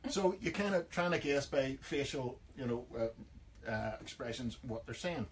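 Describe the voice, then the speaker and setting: A Northern Irish man hosts a radio show, joking and acting out phrases as he goes. His pitch leaps around with lots of life, and faint background noise sits under him. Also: expressive, measured pace. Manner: jokey, acts out overheard phrases. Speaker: radio host. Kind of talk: comic radio chat.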